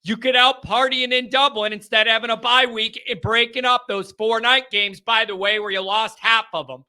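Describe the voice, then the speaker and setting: A man's voice: very high-pitched, steady tone, moderate pace, pushed and bright. A man hosting a college football show, giving casual, emphatic commentary with a sarcastic edge.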